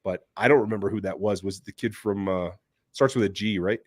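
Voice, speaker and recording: A man's voice: lowish voice, fairly quick, dry recording, clean studio sound. A man hosting a casual sports talk show, blunt and opinionated, reading viewer questions from the live chat. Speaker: podcast host.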